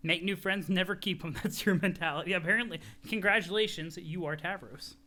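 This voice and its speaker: A man streaming a live reading, excitable and laughing often as he talks to chat. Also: high voice, brisk.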